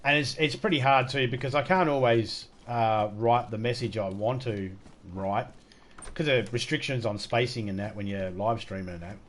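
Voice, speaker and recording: A man's voice: mid-range voice, normal speed, a bit bright. A middle-aged man chatting casually during a game stream, joking around, swearing freely and rambling through anecdotes. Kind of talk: casual live-stream chat.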